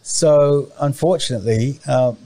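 A man's voice: mid-range voice, a little slow, mellow, dry recording. A man as an interview guest, talking casually and rambling with many fillers and restarts. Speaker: interview guest, farm owner. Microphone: remote call mic, cutting in and out.

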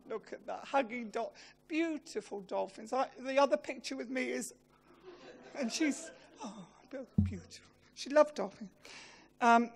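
A woman giving a funeral eulogy. She tells lively, self-mocking stories and laughs as she talks. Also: a little high.

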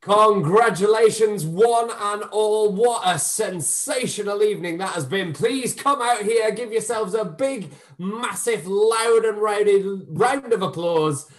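A man's voice: high-pitched, a little slow, hardly any pauses. A man hosting the wrap-up of a live online show, effusive and upbeat, thanking the performers and introducing the cast over a video call. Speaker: host and director.

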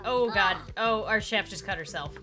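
A woman hosting a let's play, commenting in an excitable, playful way with quick reactions. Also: mid-range voice. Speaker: gaming channel host. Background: faint game music.

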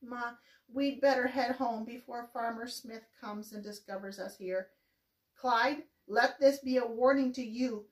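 Woman doing a calm, cautious father rat. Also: a little high, measured pace, roomy sound, lightly acted. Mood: warning.

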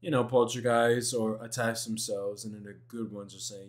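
A man's voice: fairly low pitch, steady tone, moderate pace. A young man co-hosting a reaction video, talking through an idea in a laid-back, slangy way. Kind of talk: casual reaction chat.

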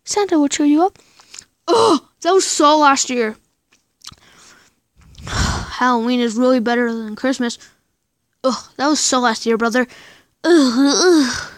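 A woman acting out a silly improvised skit on her own, switching between characters with whiny sighs and hushed whispers. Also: high voice, animated, a little slow, long pauses, dry recording. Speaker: video maker. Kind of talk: improvised one-person skit.

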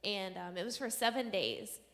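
A woman stands in a church sanctuary and tells her missionary testimony, speaking earnestly and acting out the people in her story. Her voice sits at an ordinary pitch for a woman and carries a long reverb from the hall around her. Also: expressive, normal speed, a bit bright. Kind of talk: personal testimony to a church audience.

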